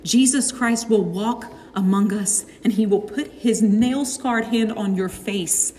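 A woman's voice: mid-range voice, takes it slowly, few pauses, a little hiss or hum. A young adult woman preaching, earnest and heartfelt, sometimes slipping into casual asides. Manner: earnest, heartfelt, warmly conversational. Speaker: speaker teaching on suffering. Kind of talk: sermon. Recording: echoey hall with long reverb.

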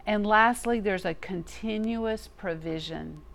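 A woman teaches from scripture in a relaxed, conversational way, with a mid-range voice. She talks in a folksy, plainspoken style and lets her delivery liven up as she explains. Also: medium pitch, slow, creaky. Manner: folksy, animated, casual turns of phrase. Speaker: Bible teacher.

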